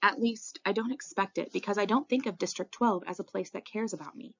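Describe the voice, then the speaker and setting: A woman narrating a novel in the first person with expressive, dramatic reading, on a dull lo-fi recording. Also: medium pitch, a little fast, creaky, slightly rough. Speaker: audiobook reader. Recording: dull lo-fi audio.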